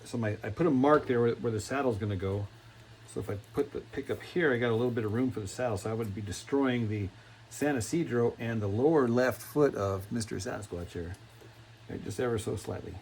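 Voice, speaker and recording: Man, folksy workshop demo, middle pitch, rambling and repetitive, faint noise behind. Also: brisk, darkish tone, rough recording. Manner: folksy, rambling, repeats himself. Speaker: cigar box guitar builder. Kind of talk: casual workshop demonstration.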